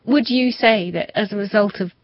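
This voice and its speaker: An interviewer asking engaged, gently prompting questions. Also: medium pitch, normal speed, no echo, highs cut off.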